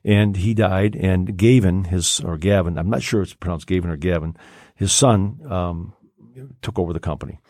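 An older man tells a story in his own rambling way, with plenty of ums and restarts. His voice sits very low and sounds warm and relaxed. The recording is dry and close, with no room sound. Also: normal speed, no room sound. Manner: rambling, many fillers and restarts. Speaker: podcast guest. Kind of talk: casual storytelling.

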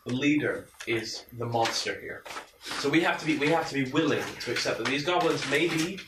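A man's voice: mid-range voice, animated, moderate pace. Earnest male player, far in a noisy room. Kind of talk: in-character roleplay speech. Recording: echoey room, far from mic, noise.

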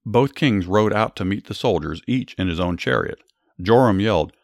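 A man narrates Bible stories and then explains them, reading in a measured, earnest way. His voice sits low. The sound is dry, with no room echo. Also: expressive. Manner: measured, earnest reading, small restarts in commentary. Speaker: storyteller and Bible teacher. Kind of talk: Bible story narration with commentary.

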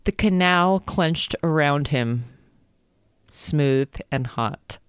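A woman's voice: sits low, drawn-out words, smooth, no room sound, studio quality. A woman co-hosting a comedy podcast, reading text aloud while giggling, groaning in mock disgust and breaking off to joke. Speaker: podcast co-host. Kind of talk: comic read-aloud of fan fiction.

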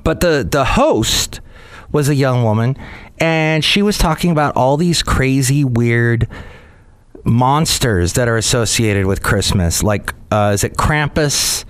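A man's voice: medium pitch, expressive, unhurried, clean tone. A man hosting a comedy podcast, telling a rambling story with lots of repeated words. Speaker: podcast host. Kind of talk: casual comedy podcast monologue.

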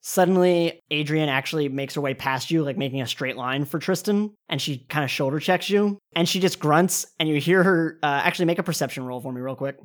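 A woman's voice: low-pitched, a little fast, few pauses. A woman narrating as game master of a tabletop game in a casual, loose way. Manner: casual, filler-heavy narration.

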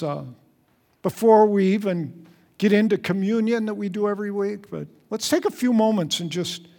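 Earnest high-voiced male pastor in echoing hall. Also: vocal fry. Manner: earnest, repeats phrases, drops to soft low tones for prayers. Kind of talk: sermon. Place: large church hall. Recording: long hall reverb.

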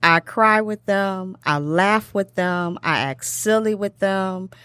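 A woman's voice: mid-range voice, slow, no room sound, clean studio sound. A middle-aged woman hosting a talk show. She speaks from the heart, repeats herself often, and stumbles over her words when she gets emotional. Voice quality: emotional, tongue-tied at times. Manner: warm repetitive speech with many fillers. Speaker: show host.

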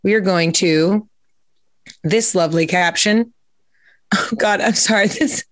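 A woman's voice: mid-range voice, measured pace, a bit bright, no room sound. Woman podcast host, chatty and giggly, lots of ums, dry close sound. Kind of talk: casual interview chat, reading captions aloud.

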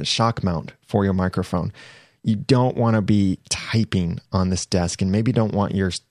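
Host type: man, lowish voice, casual gear explainer, dry close sound. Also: a little mellow, dry recording. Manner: chatty, self-correcting, slows down to stress items. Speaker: podcast host reviewing gear.

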